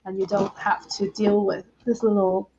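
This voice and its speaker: A woman's voice: mid-range voice, flat delivery, moderate pace, highs cut off, background noise. A woman hosting a casual drawing chat, rambling with many fillers. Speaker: host. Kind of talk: casual chat while doodling.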